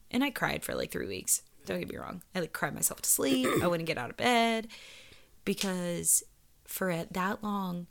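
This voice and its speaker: A woman's voice: medium pitch, gravelly. A woman in casual chat, telling a personal story candidly with plenty of swearing and slipping into whispers for quoted lines.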